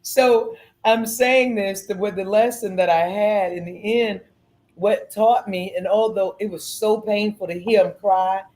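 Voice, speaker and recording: A middle-aged woman hosting a podcast, telling stories in an earnest, animated way and repeating phrases. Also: medium pitch, a little slow, poor audio. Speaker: podcast host. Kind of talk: casual storytelling chat.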